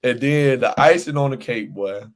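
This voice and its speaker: A man co-hosting a sports podcast rants with real heat. He repeats his points and laughs between lines. His voice sits at an everyday middle pitch. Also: moderate pace. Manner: animated ranting, repeats himself, laughs often. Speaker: podcast co-host. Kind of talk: casual sports chat.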